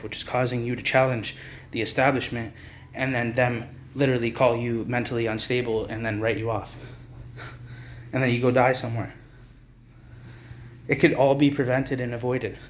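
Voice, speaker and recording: A man's voice: mid-range voice, a little hiss or hum. A young man from Canada ranting angrily to the camera, swearing a lot, repeating himself and trailing off. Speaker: vlogger. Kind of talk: angry rant to camera.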